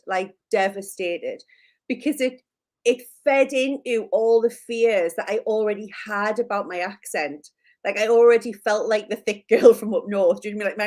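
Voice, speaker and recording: A woman with a Newcastle Geordie accent telling stories in a chatty live chat, full of "like" and laughing at herself. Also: medium pitch. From Newcastle, England. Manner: chatty storyteller, lots of "like" and self-deprecating laughs. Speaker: co-host.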